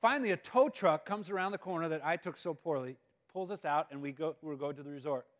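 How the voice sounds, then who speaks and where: A man giving a guest talk at a school, telling a funny personal story in an animated, self-mocking way. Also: fairly high pitch, fast. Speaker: guest speaker. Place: school auditorium. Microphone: live-stream mic.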